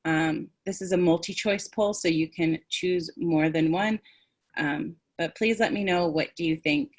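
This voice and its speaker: Low-voiced woman presenting a webinar. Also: unhurried. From United States. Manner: demonstrative, acts out tones and phrases. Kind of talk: webinar teaching talk.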